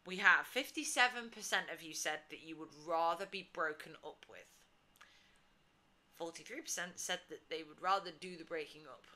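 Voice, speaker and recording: A woman's voice: fairly low pitch, normal speed. A woman in her twenties, co-host of a casual podcast, telling a story animatedly and laughing often. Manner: animated, laughs often, acts out quotes loudly.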